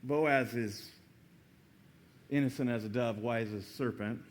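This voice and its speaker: A man preaching a sermon as pastor in church, telling a story with lively acted-out voices. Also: medium pitch, unhurried. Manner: animated storytelling, acting out quoted voices.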